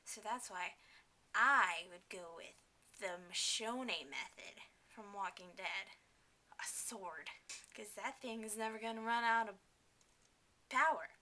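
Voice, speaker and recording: A young woman talking casually to her camera at home, chatty and enthusiastic, with many fillers and quick asides. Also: mid-range voice, pushed and bright. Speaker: vlogger.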